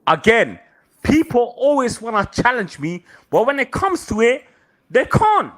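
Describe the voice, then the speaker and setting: High, animated taunting man. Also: measured pace. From Southall, London. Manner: taunting, insulting, repeats lines. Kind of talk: heated trash talk on a live call-in panel.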